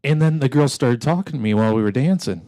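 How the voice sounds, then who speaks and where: A man's voice: mid-range voice, lively intonation, fast talker, mellow, no echo. A man co-hosting a podcast in casual chat, telling stories and teasing with dry humor. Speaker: podcast co-host.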